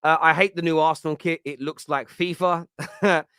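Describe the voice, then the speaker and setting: A chatty man in his thirties hosts a casual football talk show, rambling and joking with plenty of ums. His voice sits a little high for a man. The sound is dry and close, with no room echo. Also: fairly even intonation, normal speed, fairly bright tone, clear, resonant tone. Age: 30s. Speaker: host.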